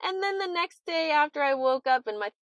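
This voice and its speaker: Animated young woman podcast host. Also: high voice, brisk, no echo, dull audio. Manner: dramatic, expressive, swears freely. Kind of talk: casual confessional chat.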